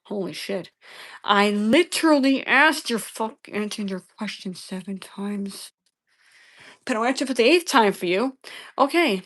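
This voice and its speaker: A woman's voice: mid-range voice, animated, measured pace, fairly bright tone. A woman live-streaming a debate, answering chat questions in an exasperated, profane way and repeating herself.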